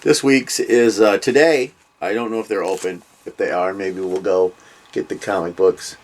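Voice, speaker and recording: Older man, low voice, casual vlog host, rambling, lots of ums, comic book chat. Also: fairly even intonation, normal speed. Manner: rambling, with many ums and trailing asides.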